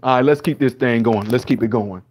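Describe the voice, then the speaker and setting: A man's voice: mid-range voice, fairly quick, darkish tone, a little hiss or hum. A man talking casually to his viewers in a reaction vlog, loose and chatty, calling them guys and y'all. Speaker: vlogger and musician.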